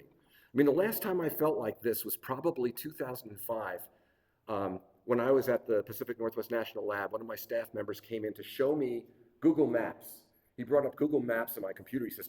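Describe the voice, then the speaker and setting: A middle-aged man giving a relaxed, digressive workshop talk with frequent fillers and restarts. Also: mid-range voice, brisk. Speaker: workshop presenter. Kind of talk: conversational lecture. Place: lecture hall. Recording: reverberant hall.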